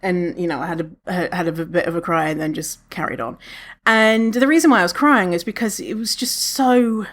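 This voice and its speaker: A woman's voice: fairly low pitch, normal speed, a bit bright. A woman hosting a podcast, telling a story in a chatty, candid way and swearing freely. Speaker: podcast host. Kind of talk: casual storytelling monologue.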